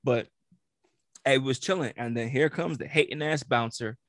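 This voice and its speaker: A man co-hosting a casual podcast, telling an animated story and acting out the quotes, swearing freely. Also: mid-range voice, moderate pace, no echo, studio quality. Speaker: podcast co-host.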